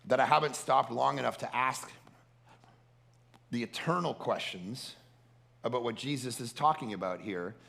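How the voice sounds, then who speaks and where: A man preaching a storytelling sermon at a family camp, animated and prone to repeating words and restarting sentences. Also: medium pitch, moderate pace, gravelly, long pauses. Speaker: camp speaker.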